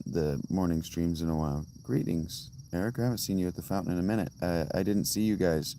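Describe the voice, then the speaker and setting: A man's voice: deep voice, quick pace, few pauses, warm tone, a little hiss or hum. A man chatting casually on a live stream outdoors by a fountain, answering viewers' comments in a rambling, tangential way with many restarts. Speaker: livestreamer reading chat.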